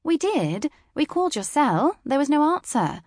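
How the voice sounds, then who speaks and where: A woman voicing a flustered young British office worker in a high, hurried, fussing voice. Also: very animated, darkish tone, dry recording, studio quality.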